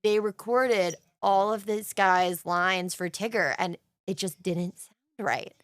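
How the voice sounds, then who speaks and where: A woman's voice: medium pitch, takes it slowly, heavy background noise. A young adult woman co-hosting a podcast, telling a story in casual chat with gushing, emotional enthusiasm. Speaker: podcast co-host.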